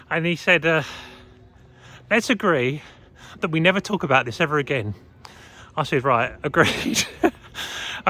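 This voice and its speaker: A man's voice: a little high, pushed and bright, low-quality recording. A man vlogging casually to camera, telling his own story in a rambling way with many fillers.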